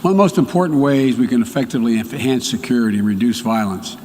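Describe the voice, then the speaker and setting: A man giving a measured, formal prepared speech. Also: medium pitch, expressive, darkish tone, in a large hall, a little hiss or hum.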